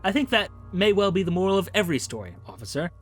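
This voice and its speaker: Man doing detective lieutenant, calm, dry, measured, clinical, game character. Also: high-pitched, breathy edge, faint music behind, voice pushed up, exaggerated voice.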